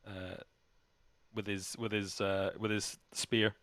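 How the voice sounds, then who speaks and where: A man narrating as game master of a tabletop game, halting and restarting as he describes the scene. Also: little pitch movement, fairly bright tone, dry recording. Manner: halting, with many restarts, voices characters in a higher pitch.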